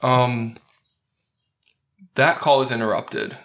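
A man's voice: mid-range voice, slow pace, fairly bright tone. Casual laughing male film podcaster. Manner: laughs often, acts out characters' lines. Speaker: podcast co-host.

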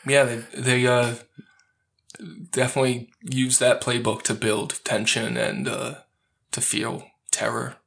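A man's voice: mid-range voice, unhurried, creaky, fairly bright tone. Casual laughing male film podcaster. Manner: laughs often, acts out characters' lines. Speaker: podcast co-host.

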